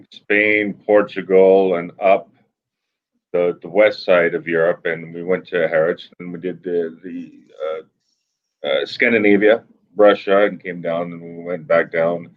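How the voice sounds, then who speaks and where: Guy with a real low voice, halting w lots of uhs, sounds like hes on a phone line. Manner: halting, lists places with fillers. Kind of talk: casual chat.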